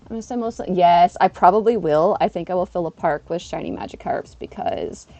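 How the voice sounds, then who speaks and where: A woman live streaming in casual chat, chatty and excitable, eating while she talks. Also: lowish voice, fairly quick, creaky.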